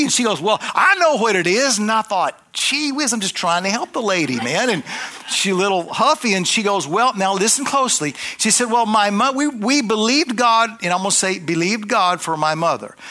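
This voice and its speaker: A middle-aged male preacher with a high, bright voice. He tells his story in a loose, chatty way, full of restarts and asides to the people listening. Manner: rambling, conversational, with many restarts and asides to the congregation. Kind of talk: storytelling sermon.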